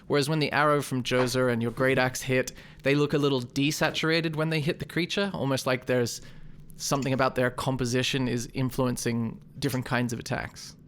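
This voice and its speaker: A man running a tabletop game as game master, describing combat in a relaxed, descriptive way. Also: medium pitch, a little fast, hardly any pauses.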